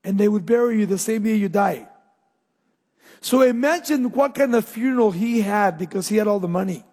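A male pastor preaching a sermon, asking the crowd questions and answering them with emphatic, drawn-out pauses. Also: sits high, darkish tone, in a large hall.

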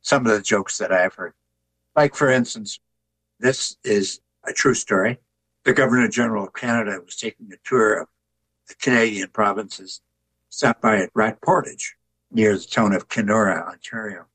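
An older man, an author and artist, telling stories in a relaxed, folksy interview. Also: lowish voice, normal speed, slightly rough, dry recording, rough recording. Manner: folksy, tells jokes with put-on voices.

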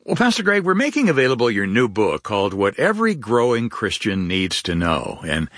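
Male radio co-host, low husky voice, very lively pitch, dry studio. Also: fairly quick, dry recording. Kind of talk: radio announcing and interview.

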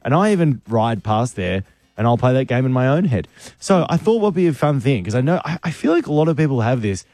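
A man's voice: medium pitch, very animated, darkish tone, dry recording, soft background music. Male radio co-host, casual banter, teasing, dry close sound. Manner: teasing, drawn-out storytelling. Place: radio studio.

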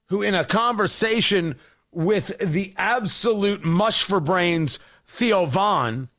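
Combative high-voiced male talk host. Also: fairly bright tone. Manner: combative, mocking, emphatic. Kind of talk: opinionated political monologue.

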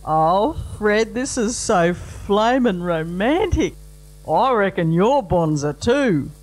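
Loud, rough Aussie bride in squealing falsetto, a man doing it, comic verse. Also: lively intonation, slow. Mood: gushing. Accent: Australian. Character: brash rough bride, woman, young adult. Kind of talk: comic bush poetry recital.

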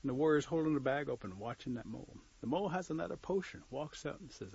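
A man telling a folk tale to listeners, lively, acting out the scenes and joking aside. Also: mid-range voice, fast talker, gravelly, few pauses, a little hiss or hum. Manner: lively, acts out voices, aside jokes. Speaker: storyteller. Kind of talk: oral folk storytelling. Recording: dull lo-fi recording.

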